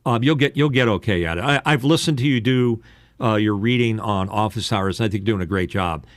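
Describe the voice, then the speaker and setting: A man with a lowish voice talks through advice in a meandering way, stopping for ums and uhs and drifting off on side points. The sound is dry and close, with no room around it. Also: brisk, no room sound. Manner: rambling, digressive, lots of ums and uhs. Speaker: podcast host. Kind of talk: casual advice chat.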